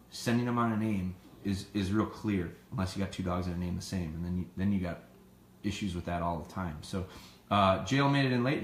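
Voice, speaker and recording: Male host, fairly low voice, relaxed live Q&A, echoey room with faint hum behind. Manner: relaxed, plainspoken, answers viewers by name. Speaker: dog trainer hosting a live stream. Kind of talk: casual live Q&A.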